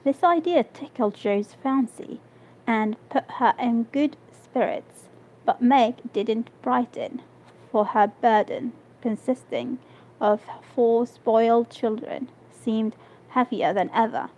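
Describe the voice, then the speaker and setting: A woman whose first language is Arabic, reading a novel aloud on a live stream, halting and restarting words. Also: fairly high pitch, mellow. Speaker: reader. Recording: dull lo-fi stream audio.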